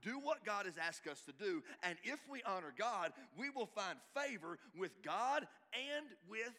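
A middle-aged male pastor, preaching a sermon emphatically, swinging from loud exhortation to hushed asides. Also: high-pitched, big pitch swings, unhurried. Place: church hall. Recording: reverberant church hall.

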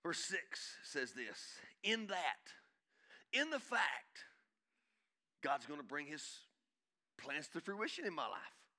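A male pastor preaching a sermon, swinging from shouting to hushed intensity and calling out to the congregation. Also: fairly high pitch, big pitch swings, slow, long pauses. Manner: calls out to the congregation.

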